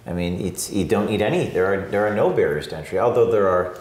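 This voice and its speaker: Halting man in an echoey room. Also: deep voice, animated, a little mellow. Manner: halting, repeats words while thinking. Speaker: interviewer and host. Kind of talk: casual conversation.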